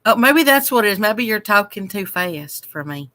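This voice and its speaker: Bright-voiced teasing woman. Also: medium pitch, sing-song, moderate pace. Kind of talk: casual chat.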